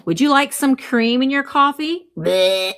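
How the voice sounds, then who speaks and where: A woman voicing a cheeky ceramic cat creamer with a squeaky, silly put-on voice. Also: animated, measured pace, fairly bright tone, exaggerated voice. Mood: teasing. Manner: silly, teasing.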